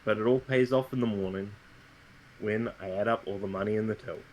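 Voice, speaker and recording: A man's voice: fairly low pitch, a little fast, a little mellow, a little hiss or hum, lightly acted, rough recording. A man playing a cheerful, hardworking saloon owner with a hesitant, stumbling delivery.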